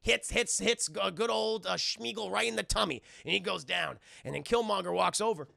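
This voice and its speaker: A young man streaming a rambling, profane film recap to his chat, full of fillers and sudden loud voiced impressions. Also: moderate pace, vocal fry, no room sound. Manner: jumps into loud high-pitched impressions of characters. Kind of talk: animated recap with voiced quotes.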